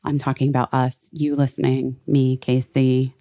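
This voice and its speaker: A woman with a notably low voice chats casually on a podcast recorded in a friend's home. She swears freely and talks in loose, trailing phrases. When something amuses her, her pitch leaps way up. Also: normal speed. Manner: chatty, swears freely, big pitch swings when animated. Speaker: podcast co-host. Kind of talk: casual chat. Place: friend's house, indoors.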